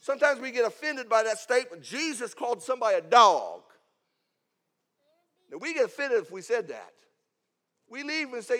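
A man preaching a sermon, swinging between loud emphatic lines and hushed asides. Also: very high-pitched, sing-song, moderate pace. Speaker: pastor.

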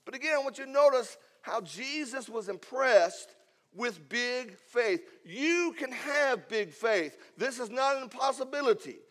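A man preaching a sermon, swinging between loud emphatic lines and hushed asides. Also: very high-pitched, expressive, unhurried. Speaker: pastor.

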